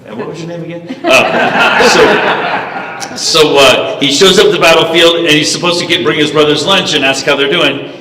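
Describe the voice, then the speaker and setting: Guy giving a fired-up talk, kinda high, bright voice, echoey hall far from the mic. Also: normal speed, crowd noise. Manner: animated storyteller, preachy. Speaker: speaker. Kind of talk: storytelling speech.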